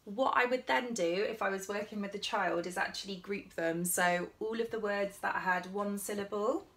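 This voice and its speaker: A woman speech therapist, giving a gentle teaching demonstration and sounding out words deliberately, syllable by syllable. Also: mid-range voice. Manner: encouraging, gentle instruction. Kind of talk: slow, clear teaching demonstration.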